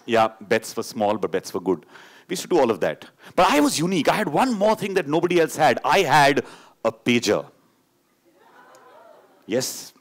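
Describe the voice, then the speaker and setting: A middle-aged Indian man tells a personal story to a live audience, his English carrying an Indian accent. His delivery swings from animated radio-jockey playfulness to a low, serious hush. His voice sits at an ordinary middle pitch for a man. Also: normal speed, long pauses. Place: stage before an audience.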